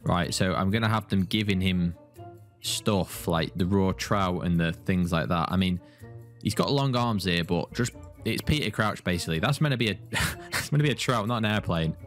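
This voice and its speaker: Young bloke, low voice, swears a lot and jokes to himself, bit of music behind. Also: male voice, moderate pace, fairly bright tone. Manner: swears freely, jokey, talks to himself while drawing. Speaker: video host. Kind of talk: casual gaming banter.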